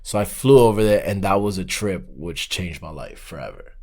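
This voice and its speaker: A man's voice: low voice, normal speed. A man guest on a podcast, telling a long story in casual talk and acting out the dialogue. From Miami. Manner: animated, acts out quoted dialogue.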